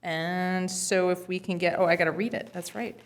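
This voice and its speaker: Lady mayor running the meeting, kinda low voice, relaxed and procedural. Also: normal speed. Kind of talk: chairing a council meeting. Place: council chamber.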